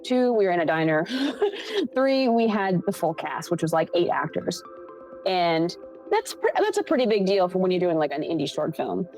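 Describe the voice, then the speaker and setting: A woman's voice: on the low side, sing-song, normal speed, a little mellow, faint music behind. A young woman from Buffalo, New York, a film assistant director, telling a story in a casual interview. She acts out the people she quotes and laughs often.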